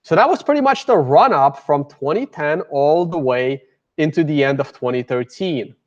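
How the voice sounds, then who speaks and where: A man's voice: fairly high pitch, expressive, moderate pace. A man giving a casual live lecture with slides, rambling with many fillers and restarts. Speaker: guest speaker. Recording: dull lo-fi lecture recording.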